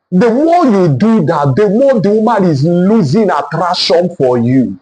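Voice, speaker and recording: A man's voice: high-pitched, very animated, unhurried, few pauses, darkish tone, poor audio. A man giving relationship advice in an emphatic, repetitive lecturing manner. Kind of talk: motivational relationship talk.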